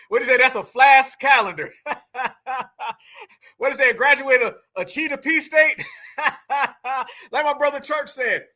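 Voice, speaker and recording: A man with a strikingly high, bright and cutting voice talks to his livestream audience. He mocks and teases in a loose, joking commentary style. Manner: mocking, teasing, addresses chat directly. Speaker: livestream host. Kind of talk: casual reaction commentary.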